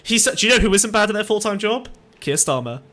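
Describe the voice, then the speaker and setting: A man with a high voice co-hosting a loose podcast chat. He talks in exasperated bursts, swears freely and laughs at his co-host while reacting to a stream. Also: sing-song, a little fast, sharp tone.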